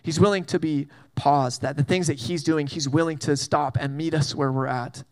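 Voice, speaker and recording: A man's voice: on the high side, fairly even intonation, moderate pace. A man preaching a casual sermon, telling a Bible story with jokes and acted-out asides. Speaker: pastor.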